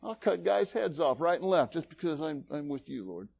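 A preacher putting on a cocky bragging disciple. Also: male voice, very animated, moderate pace, vocal fry, slightly rough, dull audio, full character voice. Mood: boastful. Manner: cocky, bragging, higher put-on voice. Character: boastful swaggering male disciple, adult. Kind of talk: preacher acting out a biblical figure.

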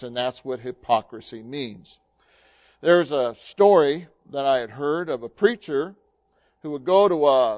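A man's voice: fairly high pitch, dull audio. A man preaching a sermon in a folksy, storytelling way, with many fillers and restarts. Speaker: pastor.

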